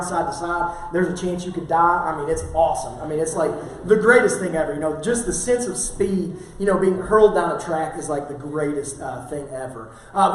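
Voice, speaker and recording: In a church sanctuary, a man with a voice on the high side preaches, telling stories in a relaxed way with frequent fillers. The recording picks him up from far off in a very echoey hall, with a little hiss or hum.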